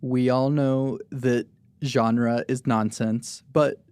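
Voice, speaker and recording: A young man from Oklahoma hosts a relaxed interview, taking his time with every thought and laughing often. The sound is dry and close, with no room around him. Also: medium pitch, slow pace, smooth, no room sound. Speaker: podcast host. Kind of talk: casual interview chat.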